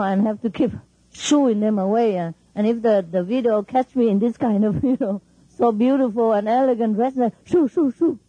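Woman spiritual teacher, husky and warm-toned, talking to followers in animated, emphatic, broken English on a dull, dry lo-fi recording. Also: a little high, dry recording. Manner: animated and emphatic, laughing often, non-standard English grammar. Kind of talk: informal talk to followers.

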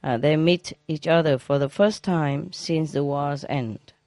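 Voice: medium pitch, unhurried, a little mellow, no room sound. A joke teller who laughs at their own jokes and uses non-standard grammar. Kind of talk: telling a string of jokes.

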